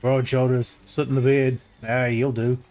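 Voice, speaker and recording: A man reading as a gruff old dwarf smith. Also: mid-range voice, little pitch movement, moderate pace, darkish tone, close to an everyday voice. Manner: plain reading, no accent attempted. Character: gruff old male dwarven blacksmith.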